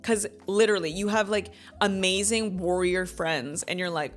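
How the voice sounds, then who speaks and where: A woman in her thirties hosting a book club review in a chatty, animated way, laughing often and acting out quotes. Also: on the low side, normal speed, soft background music. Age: 30s. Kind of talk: casual book review chat.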